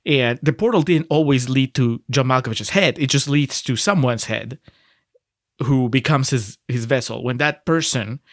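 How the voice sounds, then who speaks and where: A man talks through a film on a casual podcast, mid-pitched and easygoing. He wanders through his points, laughing and restarting his sentences often. The sound is close and dry, with no room around it. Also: moderate pace, no echo. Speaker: podcast co-host.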